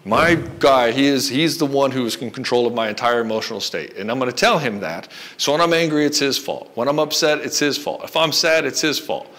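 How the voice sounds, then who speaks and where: A man's voice: medium pitch, fairly quick, few pauses, a bit bright, lightly acted. A man voicing an upset girlfriend who blames her partner for her feelings, in an accusing, insistent tone. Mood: blaming.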